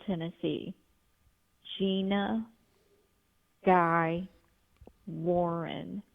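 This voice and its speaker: A woman's voice: lowish voice, gravelly, phone-quality sound. A woman calling in to a talk show, telling things in an earnest, rambling way. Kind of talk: call-in talk.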